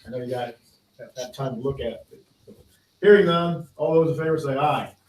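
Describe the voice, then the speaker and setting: A man's voice: medium pitch, a little fast, darkish tone. A man chairing a school board meeting, speaking in a plain, procedural way. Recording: echoey room, distant mic, faint noise.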